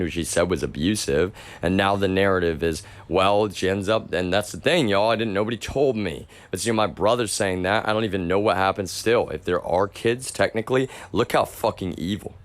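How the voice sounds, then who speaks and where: A young man streaming live, venting in an agitated, profane monologue, full of restarts and addressing his viewers as y'all. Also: deep voice. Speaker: livestreamer. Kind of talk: ranting monologue to a live chat.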